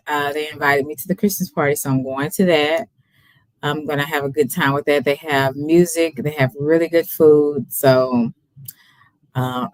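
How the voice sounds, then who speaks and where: A woman's voice: sits low, no room sound. A woman with a Texas accent hosting a casual live stream, a little tipsy, laid-back and laughing often as she greets viewers by name. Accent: Texan.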